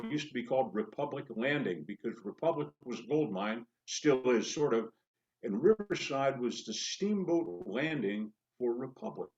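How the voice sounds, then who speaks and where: A man's voice: a little high, gravelly, darkish tone. A man from the Pacific Northwest of the United States, a folk singer telling joking stories between songs on a live stream. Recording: dull lo-fi stream with guitar. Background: acoustic guitar.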